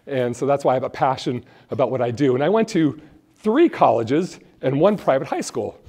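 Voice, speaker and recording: A man of average pitch presents a live workshop on college costs, speaking into a handheld mic before a room full of people. He is loose and jokey, wanders off on asides, and talks straight to the crowd. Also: expressive, brisk, a little mellow, slightly rough. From Phoenix, Arizona. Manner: jokey, rambling, chats with the audience. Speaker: college financial aid presenter. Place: event room with a live audience. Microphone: handheld or stand mic.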